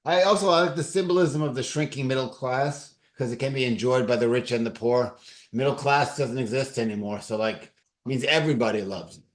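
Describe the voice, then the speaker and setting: A man's voice: medium pitch, brisk. A man with a New York accent, co-hosting a casual podcast chat and rambling as he searches for names and words. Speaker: podcast co-host.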